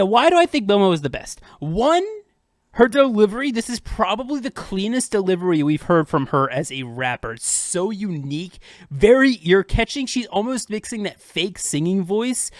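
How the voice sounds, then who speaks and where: A man's voice: high-pitched, no room sound, clean studio sound. A young man hosting a casual, unedited music breakdown, chatting upbeat about rap flows with plenty of fillers. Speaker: host of a music breakdown channel.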